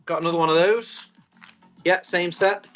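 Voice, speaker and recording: A man, selling tools on a live stream, chatty and quick to describe each item and call out the bids. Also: high-pitched, fairly even intonation, a bit bright, soft background music. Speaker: live auction seller.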